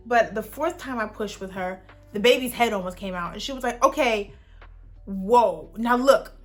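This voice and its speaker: A young woman vlogger telling a personal story in a casual, animated way, acting out the people she quotes and saying "like" often. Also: medium pitch. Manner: animated, acts out quotes, frequent "like".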